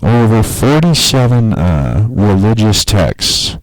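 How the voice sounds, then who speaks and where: A man talking casually on a podcast in a rambling, profane, animated way. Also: on the low side, slow pace, no room sound, rough recording. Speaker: podcast host.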